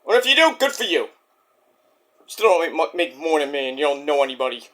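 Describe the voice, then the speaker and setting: A male wrestling vlogger delivers an angry, foul-mouthed rant at his critics, repeating himself as he goes. His voice is high and bright, and it swings widely in pitch. He sounds combative from start to finish. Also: very animated, brisk. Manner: profane, combative, repetitive. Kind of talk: angry profane rant to the camera.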